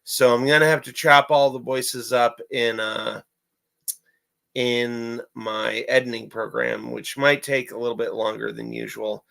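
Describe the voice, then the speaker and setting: Gravelly-voiced man rambling in a vlog. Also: medium pitch, little pitch movement, unhurried, pushed and bright, rough recording. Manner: rambling, repeats himself, many fillers. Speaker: amateur animator and writer. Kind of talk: casual vlog monologue.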